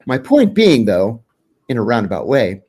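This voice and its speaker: A middle-aged man, a podcast guest, telling a long anecdote with restarts and lively acted-out quotes. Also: medium pitch, normal speed. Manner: animated storyteller, restarts and fillers, acts out quotes. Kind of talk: anecdotal storytelling in a podcast interview.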